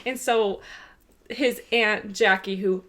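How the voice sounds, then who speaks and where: A woman's voice: medium pitch, takes it slowly. A woman co-hosting a podcast, telling a funny story in casual chat and laughing often as she goes. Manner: animated, laughs often while telling stories. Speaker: podcast co-host.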